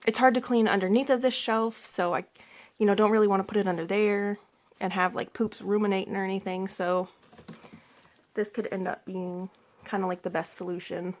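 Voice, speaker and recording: A woman's voice: mid-range voice, little pitch movement, brisk. A young woman in her twenties, a pet vlogger chatting casually at home beside a cage, rambling with many fillers and a little out of breath. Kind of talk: casual chat. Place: indoors at home by an animal cage.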